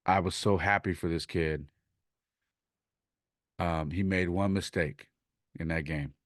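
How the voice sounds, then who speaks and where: A man's voice: low-pitched, fairly even intonation, slow, no echo, clean studio sound. A man hosting his podcast, animatedly telling a story from coaching youth baseball and retelling conversations in his own words.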